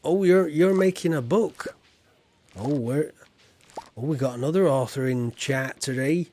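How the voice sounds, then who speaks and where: A man's voice: on the high side, a little slow, darkish tone, a little hiss or hum. A man streaming a farming game, chatting in a rambling, jokey, homely way as a folksy farmer persona. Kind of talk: casual let's-play chat.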